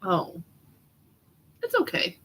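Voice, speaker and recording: A woman's voice: slow pace, a bit bright, rough recording. Chatty woman hosting a doodle livestream. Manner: chatty, teasing, reads out viewer comments. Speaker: host of a live doodling chat. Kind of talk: casual live-stream chat while drawing.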